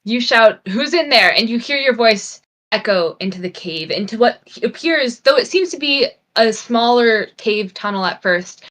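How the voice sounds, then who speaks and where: A woman narrating a tabletop game as game master, dramatic and dropping to a hush for suspense. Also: fairly high pitch, lively intonation, normal speed, few pauses.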